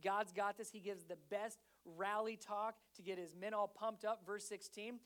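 Animated man in his thirties preaching. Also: high voice, normal speed. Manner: animated storytelling, swinging between hushed and loud. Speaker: pastor. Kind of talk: sermon.

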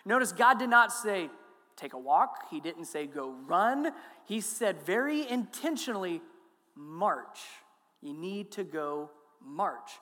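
A pastor delivers a sermon in a bright, forceful voice that rings out through a church sanctuary with a long reverb. The preaching is lively, mixing self-mocking humor into the teaching and putting questions to the congregation. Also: mid-range voice, slow.

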